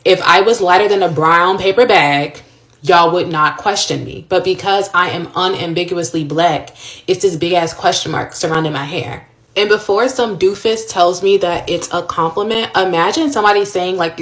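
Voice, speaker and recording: A woman's voice: lowish voice, moderate pace, a bit bright, echoey room. A woman ranting in a vlog, outspoken and frustrated. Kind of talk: vlog rant.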